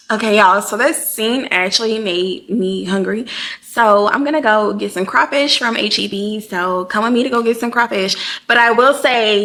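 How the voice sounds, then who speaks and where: Bright chatty woman vlogger. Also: a little high. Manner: chatty and playful, says honey and baby. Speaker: book vlogger. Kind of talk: casual chat to camera.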